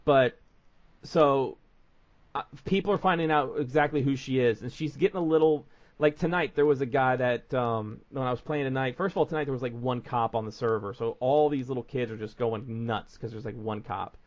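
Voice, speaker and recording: A man's voice: mid-range voice, moderate pace, muffled recording. A man hosting a podcast, telling stories in rambling casual chat full of fillers. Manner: rambling storytelling with many fillers. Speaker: podcast host.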